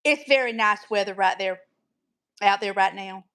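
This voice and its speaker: A woman with a Southern American accent chatting casually on a livestream over a video call, drawn-out and easily amused. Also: mid-range voice, sharp tone. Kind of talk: casual chat.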